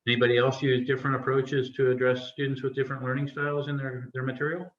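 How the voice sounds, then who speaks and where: A man facilitating an online faculty workshop. He speaks in a relaxed way and keeps prompting others with questions. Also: mid-range voice, fast talker. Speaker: discussion facilitator. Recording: echoey, slightly dull video-call audio.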